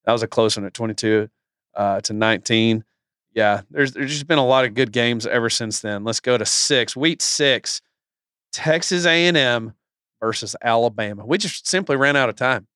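A man's voice: mid-range voice, moderate pace, pushed and bright, no echo, studio quality. A man co-hosting a podcast, chatting casually about college football and groaning over his team's losses. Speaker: podcast co-host, firefighter. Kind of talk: casual sports chat.

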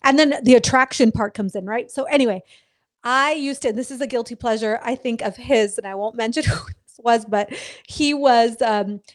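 Female co-host, 30s, playful teasing storyteller, casual and profane, slightly high voice. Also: moderate pace. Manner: teasing, lively storyteller with swearing. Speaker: podcast co-host. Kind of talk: casual chat.

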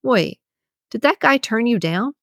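A woman's voice: on the high side, animated, unhurried, gravelly, a bit bright, dry recording, studio quality, voice pushed up, exaggerated voice. A woman voicing a cocky, nosy male coworker who wisecracks and teases in an audiobook. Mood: teasing. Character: cocky, teasing male employee. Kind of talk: audiobook character reading.

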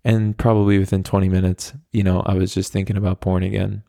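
Talking fast in a low, flat, gravelly yet mellow voice, an American podcaster rambles through candid personal stories, peppering them with "like" and curse words. The recording is studio quality and free of echo.

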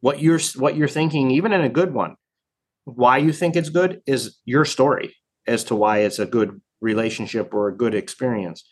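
A man talking in a relaxed interview as a training program director, thoughtful and full of fillers and restarts. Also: medium pitch, moderate pace, breathy edge. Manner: reflective, many fillers and restarts. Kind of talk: casual conversation.

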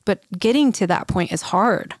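A woman's voice: medium pitch, lively intonation, moderate pace, dry recording, studio quality. A middle-aged woman, a podcast co-host, talking frankly and emphatically about raising kids, with some casual swearing. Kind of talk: casual chat.

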